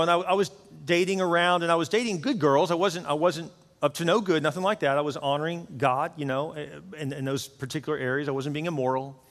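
A middle-aged man preaching a sermon as pastor, telling a personal story in an earnest way and often repeating words as he goes. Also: medium pitch. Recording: long hall reverb with faint music.

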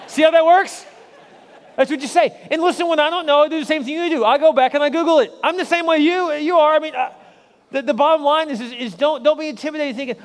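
High-voiced pastor preaching in a hall. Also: male voice, fast. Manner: emphatic, repeats points, rises to excited encouragement. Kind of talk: sermon. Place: large church hall with long reverb. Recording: hall reverb.

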